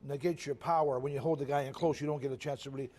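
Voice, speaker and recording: Fast-talking older man telling fight stories. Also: mid-range voice, steady tone, dark tone. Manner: rambling, self-correcting, chuckles at own stories. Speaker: retired boxer, interview guest. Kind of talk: casual storytelling interview.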